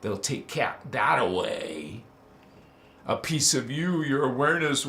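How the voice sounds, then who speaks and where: A man's voice: mid-range voice, big pitch swings, unhurried, roomy sound, slight background noise. Slangy, fiery man preaching spirituality. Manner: casual and slangy, swears, flares up loud. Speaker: spiritual teacher. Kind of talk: impassioned spiritual talk.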